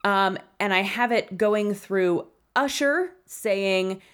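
A woman's voice: mid-range voice, slow pace, a bit bright. A woman co-hosting a casual podcast, chatty and conversational, often thinking aloud. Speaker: podcast co-host. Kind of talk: casual chat.

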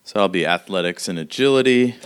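A man acts as game master for a tabletop game, narrating combat in a casual, vivid way with plenty of fillers. His voice is smooth and clear and sits fairly low. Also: animated, a little fast.

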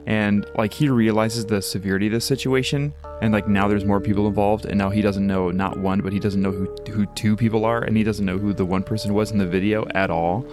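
A man narrates his character in a tabletop game, hesitating and correcting himself. His voice is low, and guitar music plays clearly behind him. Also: steady tone, brisk, hardly any pauses. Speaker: player. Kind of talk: casual tabletop role-play.

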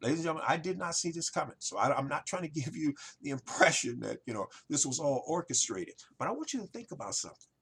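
A man with a somewhat high, husky voice delivers a motivational marketing monologue as the host of his show. He talks emphatically and keeps turning to his listeners with rhetorical questions. He calls them ladies and gentlemen again and again. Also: sing-song, quick pace. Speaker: podcast host.

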